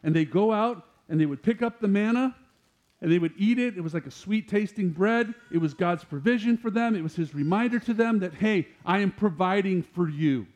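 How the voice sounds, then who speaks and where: A man preaching a sermon, animated, growing louder and higher as he quotes scripture. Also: normal speed. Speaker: pastor.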